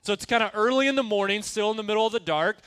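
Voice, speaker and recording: Youth pastor, male, high bright voice, casual energetic sermon style, dry sound. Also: rapid-fire, clean tone, no room sound. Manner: energetic, conversational, asks the room questions.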